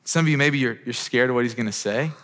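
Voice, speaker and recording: The sermon comes from a pastor in his thirties with a medium-pitched, fairly bright voice and a quick pace. He speaks earnestly and conversationally, often restarting, and the church auditorium adds long hall reverb.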